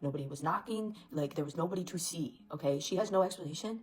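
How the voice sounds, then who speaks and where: A woman casually telling a scary story, chatty and animated, with lots of fillers. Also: on the low side, quick pace, poor audio.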